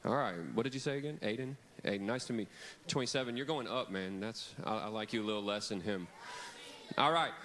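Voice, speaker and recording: A man's voice: lowish voice, fairly quick, fairly bright tone. A man, giving a playful, teasing kids camp sermon from a church stage. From Louisiana. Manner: playful, teasing, chatty with children. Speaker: camp speaker.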